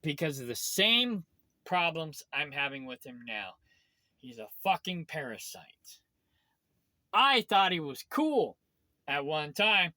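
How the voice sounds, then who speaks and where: A man's voice: a little high, big pitch swings, slow, sharp tone, dry recording. A man ranting bitterly in a vlog, complaining about someone with lots of swearing. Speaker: vlogger. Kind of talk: angry vlog rant.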